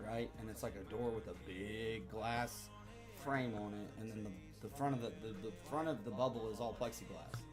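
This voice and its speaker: A man's voice: lowish voice, steady tone, moderate pace, over music. A man casually telling a rambling, profane story to a live chat, repeating himself as he goes.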